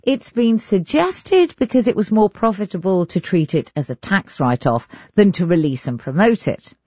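Lively English woman radio host. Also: medium pitch, moderate pace, no echo, muffled recording. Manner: lively, articulate presenter. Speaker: radio arts show host. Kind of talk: radio presenting and interviewing.

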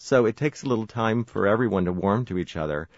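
A man's voice: lowish voice, fast talker, no room sound, dull audio. An American man, an author guest on a radio interview, telling stories and laughing often. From United States. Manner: warm storytelling, laughs often.

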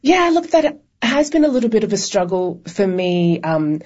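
A woman's voice: medium pitch, sing-song, moderate pace, darkish tone, lo-fi sound. A woman with an Australian accent, a guest on a radio interview, speaking in a friendly, earnest way. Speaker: community organization guest.

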